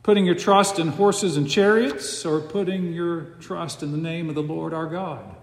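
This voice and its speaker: Man, sermon, emphatic pauses, roomy reverberant sanctuary, long echo tail. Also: a little high, gravelly. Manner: slow, emphatic cadence with dramatic pauses. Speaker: preacher. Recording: echoey hall with long reverb.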